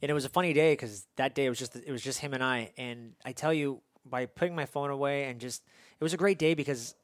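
A man in his thirties hosts the conversation, talking in an earnest, rambling way with frequent restarts. His voice sits at a middle pitch. The sound is dry, with no room echo. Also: quick pace. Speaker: podcast host and father. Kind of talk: conversational interview.

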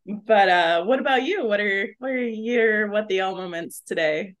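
A woman's voice: medium pitch, moderate pace. A young adult woman co-hosting a casual podcast over a video call, chatting in a goofy, upbeat way. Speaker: podcast co-host. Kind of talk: casual chat over beer.

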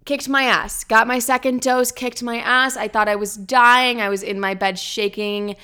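A young woman in her twenties hosting a casual solo podcast, telling stories in a blunt, profane, animated way while still feeling a bit ill. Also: a little high, moderate pace, smooth. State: recovering from illness. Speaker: podcast host.

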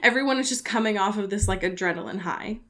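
A woman's voice: medium pitch, fast talker, noisy background. A woman co-hosting a casual book podcast, chatty and full of fillers, often breaking into laughter. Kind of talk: casual chat recapping a book.

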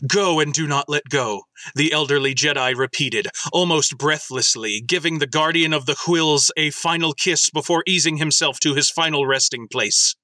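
A podcast host, a man, reads listener submissions as mock-serious drama, slowing and dropping his voice for the quoted lines. His tone is very bright and a touch high, recorded close and dry with no room sound. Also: no echo. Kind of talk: casual chat and comic dramatic reading.

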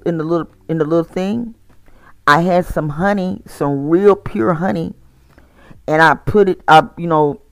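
A man's voice: a little high, clear, resonant tone, no echo. A tired man talking casually to his community, rambling with frequent restarts and repeated words. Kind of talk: casual monologue to camera.

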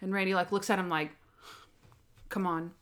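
A young woman in casual podcast chat, animatedly retelling TV scenes and acting out quotes. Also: normal speed. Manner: animated, acts out quotes with big pitch jumps. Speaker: podcast co-host. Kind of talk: casual chat recapping a TV show.

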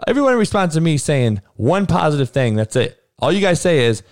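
A man's voice: a little high, very animated, fast, few pauses, no room sound, studio quality. Blunt, profane man ranting hard. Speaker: coach and podcaster. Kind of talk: heated monologue rant.

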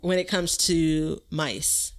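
A woman's voice: deep voice, fairly even intonation, slow. A woman hosting a gardening podcast, chatty and laughing often as she explains tips. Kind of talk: casual chat.

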